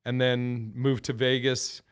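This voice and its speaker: A man's voice: mid-range voice, flat delivery, slow, clean tone. A man in his thirties, a comedian guest telling stories in a loose, rambling way, swearing often and correcting himself mid-sentence. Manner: rambling, profane, self-correcting. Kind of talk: casual storytelling.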